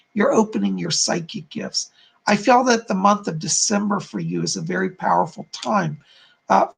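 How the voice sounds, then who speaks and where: A man's voice: high voice, vocal fry, fairly bright tone, husky. A man hosting a live-stream of psychic readings, speaking soothingly to viewers and calling them darling and hon. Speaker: psychic medium host.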